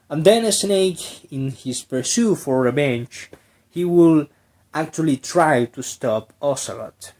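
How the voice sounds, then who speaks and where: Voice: medium pitch, animated, takes it slowly, darkish tone. A video commentator with a strained throat, giving rambling, sarcastic commentary full of mock-dramatic asides.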